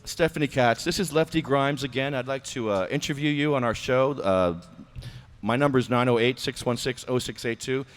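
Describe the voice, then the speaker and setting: An abrasive male podcast host with a mocking edge, talking at an everyday middle pitch. He rants and needles in an informal talk-show manner. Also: moderate pace. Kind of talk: ranting talk show with prank-style phone call.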